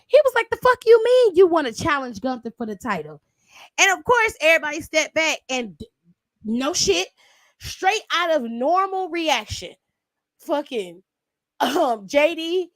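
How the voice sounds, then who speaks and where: A woman's voice: very high-pitched, no echo. A woman from Cleveland doing a casual, profane and sassy recap of a wrestling show. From Cleveland, USA. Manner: sassy, profane, animated storytelling. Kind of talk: casual commentary.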